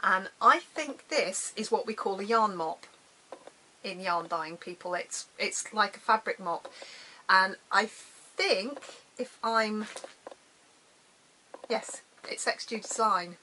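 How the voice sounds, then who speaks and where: A woman's voice: medium pitch, slow, pauses often, sharp tone, slight background noise, rough recording. A middle-aged woman from the UK chatting casually about her crafts, self-deprecating and prone to trailing off and restarting. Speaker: crafting vlogger. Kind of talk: casual chat showing crafts.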